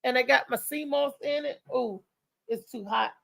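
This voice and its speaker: A woman's voice: sits high, normal speed, vocal fry, fairly bright tone, no echo, rough recording. A woman hosting a live show, chatting loosely and talking straight to her viewers. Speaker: host. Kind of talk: casual live show chat.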